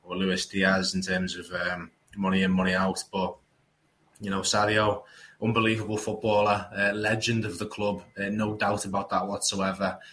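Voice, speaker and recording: A man's voice: low voice, completely flat delivery, moderate pace, fairly bright tone, low-quality recording. A man co-hosting a podcast, chatting casually about football with many fillers and restarts. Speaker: podcast co-host.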